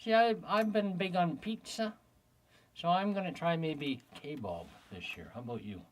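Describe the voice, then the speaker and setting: A man co-hosting a casual podcast, a language teacher who chimes in often with quick agreements. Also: fairly high pitch. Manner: lively, quick agreeing interjections. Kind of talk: casual chat.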